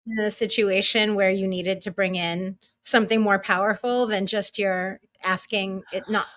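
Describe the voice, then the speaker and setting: A woman's voice: mid-range voice, fairly even intonation, normal speed, a bit bright, dry recording. A woman hosting a podcast, chatting casually and asking her guest questions. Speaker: podcast host. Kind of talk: casual interview chat.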